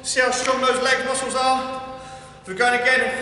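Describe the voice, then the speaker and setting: A man's voice: extremely high pitch, little pitch movement, moderate pace, pushed and bright. A man with an English accent coaching a workout class, counting down reps and urging listeners on with energy, at times out of breath. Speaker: PE workout instructor. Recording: echoey hall, mic far off.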